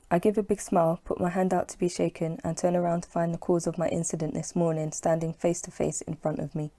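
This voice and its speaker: A woman reading her own novel aloud as an audiobook, in a relaxed, conversational manner. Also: on the low side, a little fast, hardly any pauses. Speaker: author and audiobook reader.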